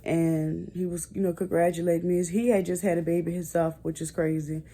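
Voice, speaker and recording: In a casual storytime vlog, a young woman talks to her viewers in a low, gravelly, dark and mellow voice. Her tone is level and her pace a little fast, and she's chatty and earnest, calling her audience y'all.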